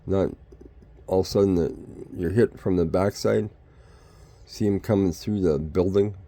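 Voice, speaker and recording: An older man talks into his vlog in a low, gravelly voice. He rambles from point to point and keeps firing off rhetorical questions. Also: moderate pace, warm tone, slight background noise. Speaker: vlogger. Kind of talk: rambling opinion monologue.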